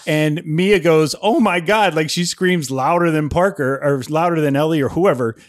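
A man with a fairly high-pitched voice, speaking at normal speed, co-hosts a podcast and recounts a story casually, acting out what others said with animation. The sound is dry and clean, studio-grade.

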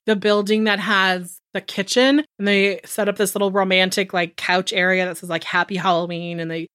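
A young woman chats through a movie recap with animated, swearing energy and snaps into quick character voices. Her tone is bright and forceful. The sound is dry and close, with no room around it. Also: medium pitch, no echo. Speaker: podcast co-host.

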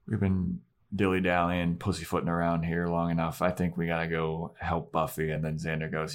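Young male podcast co-host, low voice, casual rambling recap with cursing. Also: monotone, brisk, hardly any pauses. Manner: rambling retelling with acted-out quotes and swearing. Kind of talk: casual chat recapping an episode.

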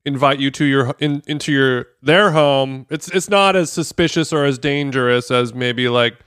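A man's voice: mid-range voice, normal speed, a bit bright, clean tone, no echo, studio quality. A man co-hosting a podcast in casual chat, playful and rambling with jokes. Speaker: podcast co-host.

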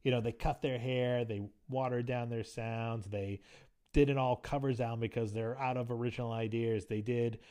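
A man co-hosting a podcast, chatting casually, often laughing and pausing with ums. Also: medium pitch, fairly even intonation, warm tone, smooth. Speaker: podcast co-host.

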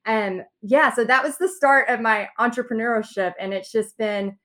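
A woman's voice: a little high, normal speed, a bit bright. A woman guest telling her own story in a podcast interview, acting out quotes with big swings in her voice.

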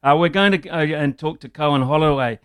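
A man's voice: on the high side, a bit bright, smooth, no room sound. A man with a New Zealand accent hosting a sports radio show, joking and teasing his guest in casual banter. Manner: joking, teasing, quick to laugh. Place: radio studio. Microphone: studio microphone.

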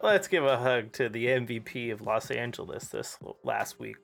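A man co-hosting a casual podcast, teasing and wisecracking, with sudden animated bursts. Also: medium pitch, moderate pace, vocal fry, soft background music. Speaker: podcast co-host. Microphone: desk mic over voice chat.

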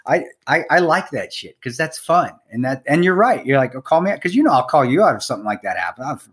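A middle-aged man co-hosting a podcast, chatting casually and telling animated stories with plenty of swearing, bro and dude. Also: medium pitch, quick pace. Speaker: podcast co-host. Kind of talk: casual chat.

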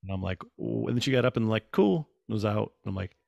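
A man in his thirties chatting casually, telling a story with lively acted-out quotes. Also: on the low side, very fast, creaky, no room sound, studio quality. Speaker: guest. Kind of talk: casual conversation.

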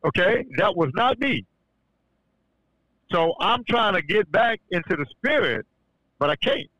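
A man tells a religious testimony in a bright, pressing voice. He stumbles over restarts and then rises into fervent emphasis. The recording is dry and dull, with a lo-fi sound. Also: high voice, animated, dry recording. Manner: halting, many restarts, builds to fervent emphasis. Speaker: podcast guest sharing testimony. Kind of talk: casual church-style testimony.

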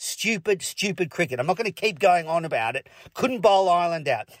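An Australian man rants bluntly in a sports podcast, angry and sweary. His voice sits high for a man. The recording is dry and close, with no room sound. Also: lively intonation, fairly quick, no echo. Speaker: podcast host. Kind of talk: ranting sports commentary.

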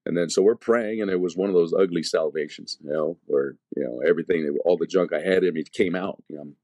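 Deep husky man telling a slangy testimony. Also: fast talker, dark tone, no echo. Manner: slangy, many fillers and restarts. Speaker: evangelist telling his testimony. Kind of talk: casual testimony storytelling.

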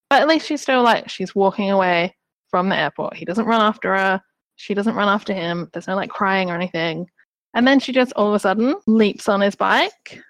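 A woman's voice: mid-range voice, brisk, a bit bright, no room sound, poor audio. A woman hosting a podcast who recaps a film in a chatty, wry way and acts out the characters' lines. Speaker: podcast host reviewing a film. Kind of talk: casual chat.

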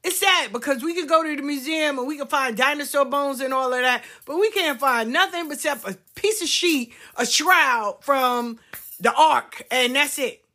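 Her voice is high and sharp-toned, moving at a moderate pace. This woman hosts a talk show and rambles through a casual storytelling monologue, cursing and chatting to her audience with a Southern drawl.

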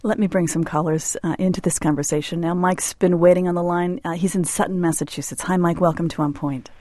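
A woman hosting a radio talk show, steering the talk briskly and bringing in callers. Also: on the low side, fairly even intonation, dark tone, no room sound, clean studio sound. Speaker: radio host.

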